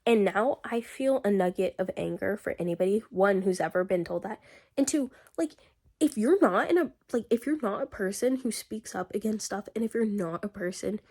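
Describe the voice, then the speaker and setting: A woman talks straight to camera in a casual diary vlog, venting at length. Her delivery is animated and ranting, packed with "like" and "literally". She is still getting over being sick, and her pitch sits in the middle of the range. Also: normal speed. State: recovering from illness. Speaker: vlogger.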